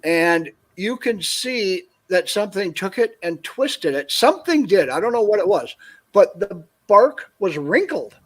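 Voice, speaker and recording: Man telling an animated story on a call. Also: sits high, measured pace. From northern Minnesota. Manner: animated anecdote, acts out quoted dialogue. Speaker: guest. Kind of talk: casual storytelling on a call-in show.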